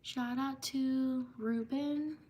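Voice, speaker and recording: A woman hosting a livestream, reading viewers' names for shout-outs in a slow, repetitive way. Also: high voice, fairly even intonation. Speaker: livestream host.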